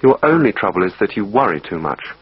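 A man reading as a calm husky doctor. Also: lowish voice, quick pace, no room sound, exaggerated voice. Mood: advising. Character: calm male doctor giving advice. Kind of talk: textbook dialogue reading. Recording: dull lo-fi recording.

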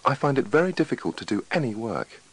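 A man's voice: medium pitch, big pitch swings, quick pace, husky, pitched above the performer's own voice, low-quality recording. A man voicing an anxious, overworked male patient in a scripted dialogue reading, with a worried, pleading manner.

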